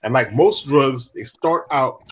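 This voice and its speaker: A man co-hosting an MMA podcast who talks in a relaxed, slightly rambling way. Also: mid-range voice, measured pace, breathy edge, muffled recording. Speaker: podcast co-host. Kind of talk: casual MMA chat.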